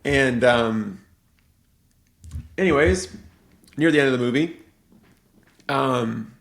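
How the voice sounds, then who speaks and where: A man hosting a podcast, casually and excitedly retelling a film with lots of "like" fillers. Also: medium pitch, takes it slowly. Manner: rambling, animated movie retelling full of "like". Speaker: podcast host.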